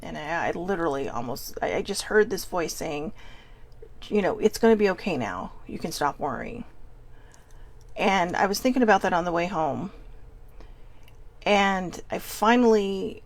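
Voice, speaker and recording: A woman hosting a candid personal vlog, speaking earnestly and haltingly as she searches for words, often restarting. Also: on the low side, expressive. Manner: earnest and open. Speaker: vlog host.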